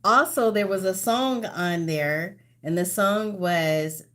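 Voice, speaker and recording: An older woman with a fairly bright, mid-range voice hosts trivia on a casual livestream, reading the questions out slowly and unhurriedly. She's chatty and breathless, laughing between lines, and sometimes drifts away from her phone mic.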